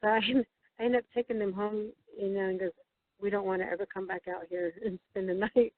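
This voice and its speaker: A woman guest telling a story in a halting, casual way, with many fillers and restarts as she quotes other people. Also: medium pitch, fairly even intonation. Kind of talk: casual storytelling over the phone. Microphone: telephone. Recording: tinny dry phone line.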